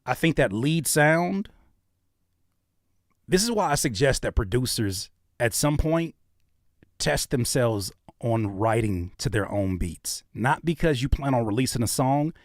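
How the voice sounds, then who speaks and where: A man's voice: mid-range voice, measured pace, no room sound, clean studio sound. A man hosting a livestream, reacting to submitted music in joking, rambling casual commentary. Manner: joking, animated, rambling with restarts and laughs.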